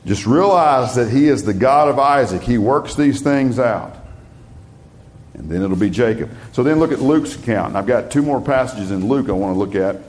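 A male preacher with a mid-range voice that rises and falls a lot. He reads scripture aloud slowly and with weight, then drops into plain, conversational explanation for his congregation. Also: medium pitch, animated, a little mellow. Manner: reads scripture slowly and emphatically, talks plainly between readings. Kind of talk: sermon with scripture reading.

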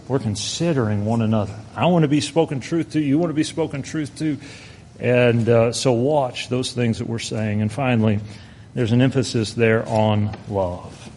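A man preaching a sermon, earnest, slowing down to stress his points and reading scripture aloud. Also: medium pitch, a little mellow, a little hiss or hum.

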